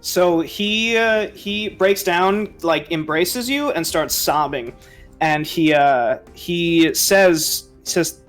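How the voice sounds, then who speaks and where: A man narrates as dungeon master in a tabletop game, his voice sitting a little high for a man. He talks slowly and haltingly, full of fillers. Faint music plays under him. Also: fairly bright tone.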